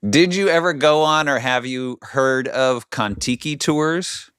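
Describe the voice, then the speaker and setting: A man co-hosts a podcast, speaking in an easygoing, measured way as he tells stories and asks questions. His voice is smooth and clear, at a middle pitch for a man. The sound is dry and close. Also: fairly bright tone, no echo. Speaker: podcast co-host. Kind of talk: casual podcast chat.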